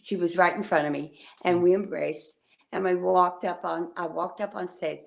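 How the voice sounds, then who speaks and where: Older woman, guest, video call, slow halting storytelling, lowish voice. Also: fairly even intonation, vocal fry. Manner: warm, halting storytelling with pauses.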